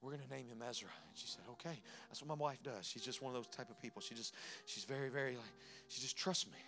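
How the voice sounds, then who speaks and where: A man preaching a sermon as a pastor, telling a personal story that moves between hushed moments and loud, emphatic passages. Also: mid-range voice, quick pace, faint music behind. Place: church sanctuary.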